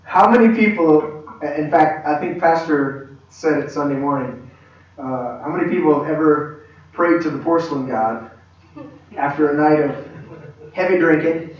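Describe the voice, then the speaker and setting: A man teaching a church leadership class, an animated storyteller who acts out quoted dialogue and restarts his sentences often. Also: fairly high pitch. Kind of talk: conversational sermon-style teaching. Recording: echoey hall, distant mic, dull lo-fi.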